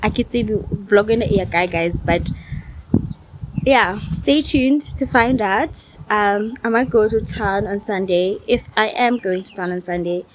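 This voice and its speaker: A woman's voice: medium pitch, measured pace, noisy background. A young woman, tired, chatting casually to her vlog audience and dropping in Sesotho phrases. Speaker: vlogger.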